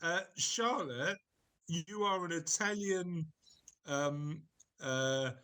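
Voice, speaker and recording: A man's voice: on the high side, extremely slow, pushed and bright. Teasing man hosting. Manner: teasing, leads the games. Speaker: podcast host. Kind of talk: casual chat.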